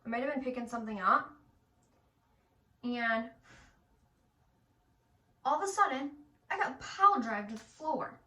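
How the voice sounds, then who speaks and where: A young woman with a Michigan accent telling stories about her son in a casual, animated way, swearing now and then. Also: on the high side, a little slow, pauses often. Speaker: mom vlogger. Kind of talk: casual storytelling while getting ready. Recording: echoey room from a distance.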